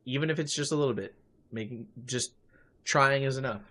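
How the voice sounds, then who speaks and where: A man's voice: mid-range voice, fairly quick, bright, forceful tone. A young man streaming a game live, chatty, thanking viewers and talking through choices. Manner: chatty, reads and thanks chat. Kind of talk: live gameplay commentary.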